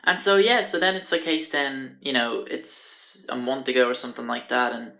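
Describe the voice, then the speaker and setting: A man's voice: medium pitch, fairly even intonation, moderate pace, vocal fry, sharp tone. A young man in his twenties rambling through a sweary anecdote on his podcast, recorded in a small bathroom on a handheld music player. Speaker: podcast host. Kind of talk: casual anecdote.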